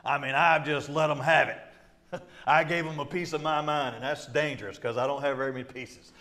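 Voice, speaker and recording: A man's voice: on the high side, steady tone, normal speed, bright, forceful tone. A middle-aged man, a pastor, teaching a casual Bible study with humor, often laughing and acting out quoted voices.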